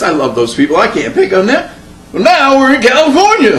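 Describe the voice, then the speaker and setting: Male comedian, playful stand-up, high lively voice, echoey room. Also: brisk. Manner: playful, chatty storytelling. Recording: echoey room with faint hum.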